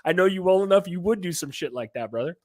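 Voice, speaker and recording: A man hosting a casual sports podcast on a headset, excitable and loud, swearing freely. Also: high voice, quick pace. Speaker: podcast host.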